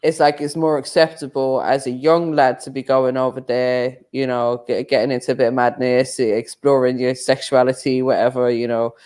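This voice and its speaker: A man's voice: medium pitch, little pitch movement, normal speed, few pauses, a little mellow, clear, resonant tone. A man hosting a casual panel chat, prodding the guests with laid-back questions.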